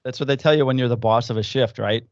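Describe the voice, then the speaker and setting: A man co-hosts a podcast from home, recording remotely, and keeps the chat loose with easygoing banter and swearing. His mid-range voice moves fast, and the audio is dull with no room sound.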